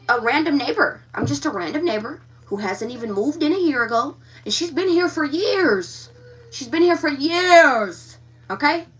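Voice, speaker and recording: A woman's voice: sits high, far from the mic. A woman giving a live tarot reading, talking frankly and with animation straight to her viewers. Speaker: tarot reader.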